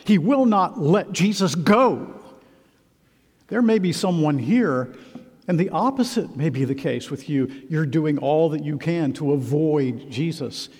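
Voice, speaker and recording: A man preaching a sermon in a church, earnest and emphatic with measured pauses. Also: fairly high pitch, lively intonation, darkish tone, husky. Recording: long reverb of a large hall.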